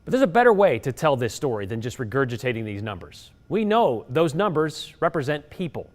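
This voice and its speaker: A man working as a TV news reporter, presenting figures and asking interview questions in a measured, clear delivery. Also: medium pitch, big pitch swings.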